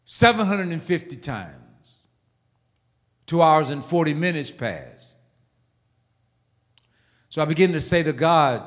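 Emphatic preacher in an echoey hall. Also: male voice, a little high, animated, takes it slowly, long pauses. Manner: emphatic, repetitive preaching with asides to the congregation. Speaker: pastor. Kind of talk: sermon.

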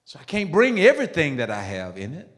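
A man's voice: huge pitch swings, fast talker. Preacher man in a reverberant hall. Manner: emphatic, swings from low murmurs to loud high bursts. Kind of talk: sermon.

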